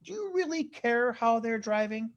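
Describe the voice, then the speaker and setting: A man's voice: very high voice, animated, moderate pace, muffled recording. A male stand-up comedian tells rambling stories over a video call. He keeps insisting "I swear to God" and tumbles from one anecdote to the next.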